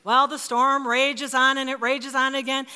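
Woman pastor, 50s, emphatic sermon delivery, slightly high pitch, reverberant hall. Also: moderate pace, clear, resonant tone. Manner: expressive, emphatic, dropping to hushed asides. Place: church.

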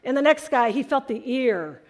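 A woman preaching a sermon to her congregation, telling stories in an earnest, animated way. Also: high voice, normal speed. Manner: earnest storytelling, animated emphasis.

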